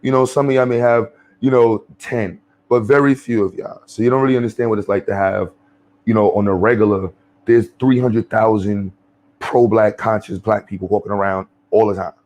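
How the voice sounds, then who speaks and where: A man's voice: fairly low pitch, normal speed. Blunt, profane New man ranting. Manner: animated, blunt and profane, rambling with many fillers and restarts. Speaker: commentary channel host. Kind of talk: off-the-cuff social commentary.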